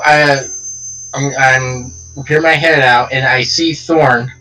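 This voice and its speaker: A man's voice: medium pitch, sharp tone. A man playing a tabletop game, talking hesitantly with many fillers. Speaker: player. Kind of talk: casual tabletop game play. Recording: distant mic, faint music.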